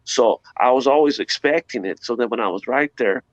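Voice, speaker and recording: A man, an interview guest, giving a personal testimony in an animated, slangy storytelling way, acting out sounds as he goes. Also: mid-range voice, fairly quick, no room sound. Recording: dull lo-fi dry sound.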